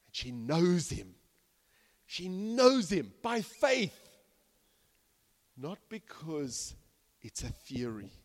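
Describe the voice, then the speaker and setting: A man preaching a sermon as pastor, swinging from hushed to loud and acting out the people in his stories. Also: high-pitched. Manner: animated, swings from hushed to loud, acts out quoted characters. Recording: long reverb of a large hall.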